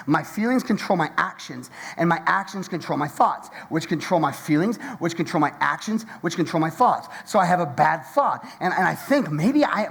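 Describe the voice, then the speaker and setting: A man's voice: high voice, breathy edge. A man, a pastor delivering a sermon, telling stories with lots of energy, acting out the voices in them and laughing often. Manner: lively storytelling, acts out quotes, laughs often.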